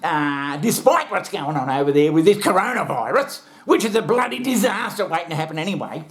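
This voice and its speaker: A man's voice: a little high, expressive, a little fast, fairly bright tone. An Australian man hosting a comedy show, rambling and swearing through a sarcastic rant. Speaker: comedy host. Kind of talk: comic rant.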